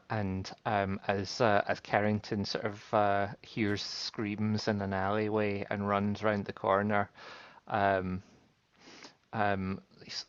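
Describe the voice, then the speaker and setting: Male player, slow and hesitant, smooth low voice on a dry, slightly muffled mic. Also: no echo. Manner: halting, filler-heavy storytelling. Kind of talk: narrating a tabletop game.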